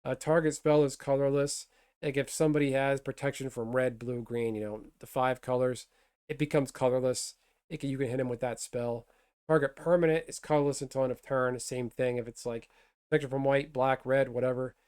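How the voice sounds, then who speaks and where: A card game video host reviews trading cards in casual, enthusiastic talk, rambling with lots of fillers and restarts. His mid-range voice is fairly quick and clean, with darkish tone and fairly even intonation.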